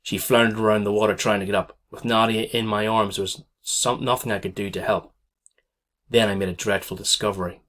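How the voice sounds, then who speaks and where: A man's voice: fairly low pitch, little pitch movement, fast, a bit bright. A man narrating a first-person story aloud as an audiobook reader, in a tense, dramatic way.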